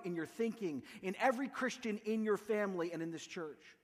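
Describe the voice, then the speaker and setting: A man's voice: sits high, lively intonation, brisk, a bit bright, long reverb tail. A Canadian man preaching an impassioned sermon, piling up repeated rhetorical questions. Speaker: pastor. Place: church sanctuary.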